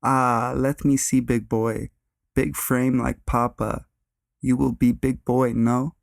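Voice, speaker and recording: A pushy, insistent middle-aged woman , as a male narrator puts her on, speaking broken English with a heavy Russian accent. The voice stays gravelly and flat, with hardly any melody, and it sounds dry and close in a storytelling reading. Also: mid-range voice, takes it slowly, no echo. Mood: prying.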